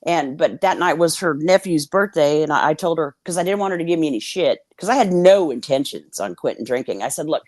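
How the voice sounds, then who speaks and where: A woman's voice: sits low, lively intonation, fairly quick, hardly any pauses, darkish tone, no echo, clean studio sound. A woman guest telling her story candidly on a video call. She swears freely and acts out the lines of the people in it. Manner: blunt, swears freely, acts out quoted dialogue.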